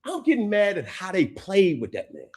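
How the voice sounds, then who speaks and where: A man as a guest on a sports talk show, speaking emphatically and now and then raising his voice to a shout. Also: wildly swooping pitch, normal speed, husky. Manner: emphatic, preachy, swings in pitch.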